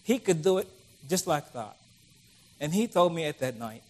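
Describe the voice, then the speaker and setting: A man's voice: on the high side, sing-song, moderate pace, a little mellow. A middle-aged man preaching a conversational sermon, acting out the voices of the people he quotes.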